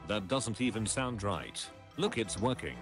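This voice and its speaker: A man casually reading memes aloud on a stream, dropping into deadpan low voices for the punchlines. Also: a little slow. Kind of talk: casual meme reaction stream. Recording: music playing behind.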